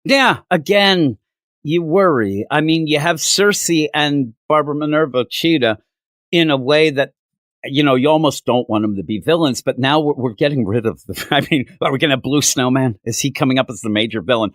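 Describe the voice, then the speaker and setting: This man talks at normal speed in a clean studio recording with no echo. He co-hosts a casual comic book review podcast from Minnesota, animatedly relating anecdotes and mimicking the quoted people in high voices.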